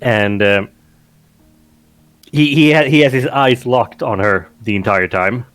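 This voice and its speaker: Guy narrating his rpg character, lots of like and uh, repeats himself, medium voice, soft music under it. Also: mid-range voice, unhurried, no echo. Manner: hesitant, repeats words, says "like" a lot. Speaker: player.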